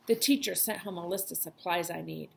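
Woman reading a grumpy stubborn kid, low and mumbly, kinda gravelly. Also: fairly quick. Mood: sullen. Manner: curt, sullen, quiet. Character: sulky, stubborn young boy.

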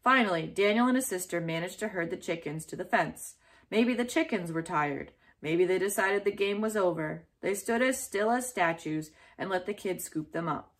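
A woman reading a children's chapter book aloud in a clear, steady storytelling way. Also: lowish voice, normal speed.

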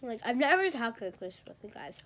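A woman's voice: fairly high pitch, big pitch swings, fairly quick, fairly bright tone. A teenage girl rambling and gossiping in a casual vlog, a bit congested and talking while she eats in bed. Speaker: vlogger.

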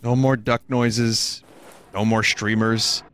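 A man's voice: fairly low pitch, flat delivery, slow, fairly bright tone, clean tone. A man voicing a grumpy male viewer who calls up demanding a refund, in a petulant, complaining way. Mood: relieved.

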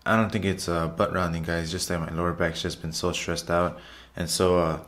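This man's low, slightly bright voice holds a level tone at a moderate pace as he narrates his workout footage for a vlog. As a fitness vlogger he's chatty, loose and repetitive, frequently addressing viewers with "guys."

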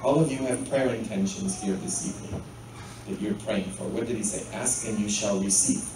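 A man preaching a sermon as pastor, often pausing to ask the congregation "hmm?". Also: fairly low pitch, background noise. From Poland. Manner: asks the congregation frequent rhetorical "hmm?" questions. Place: church. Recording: very echoey church, mic far off.

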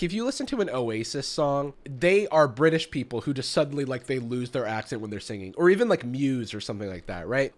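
A man hosting a comedic reaction commentary, sarcastic and mocking, laughing often. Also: a little high. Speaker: YouTube host reacting to videos.

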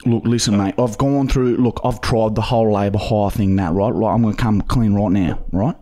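A man's voice: lowish voice, normal speed, warm tone, close to an everyday voice. A young man with an Australian accent playing a pushy, swearing job seeker on a prank call, rambling with lots of fillers. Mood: aggrieved. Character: desperate rough-talking male job seeker. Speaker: prank caller.

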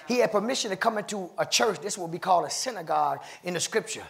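A man preaching a sermon in a church, fervent and rhythmic, laughing between phrases and swelling to shouts. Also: high-pitched, lively intonation, fast talker, gravelly. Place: church sanctuary.

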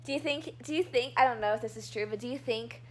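A woman's voice: on the high side, quick pace, husky. A young woman from Texas chatting beside a friend in a hotel room, full of teasing remarks and lots of laughter. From Austin, Texas. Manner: laughs a lot, teasing interjections. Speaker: co-vlogger friend. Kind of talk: casual chat.

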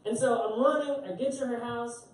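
A man's voice: very high voice, steady tone, a little fast. A young man doing live stand-up, telling a rambling, self-mocking story with lots of fillers. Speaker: stand-up comedian. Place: concert club stage. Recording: roomy live club sound from a distance.

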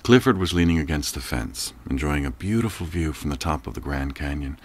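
A man narrating an audiobook in a slow, measured, reflective way. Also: extremely low pitch, expressive, slightly rough.

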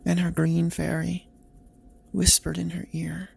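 A man narrates a bedtime story softly and gently. His voice is deeply gravelly and husky, and he keeps a flat, unhurried delivery. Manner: soft, gentle, slow storytelling.

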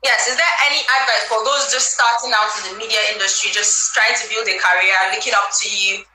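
A woman hosts a live chat interview, conversationally reading out viewer questions. Her voice sits fairly high. The audio is roomy with clear background hiss. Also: steady tone, fairly quick. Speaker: host.

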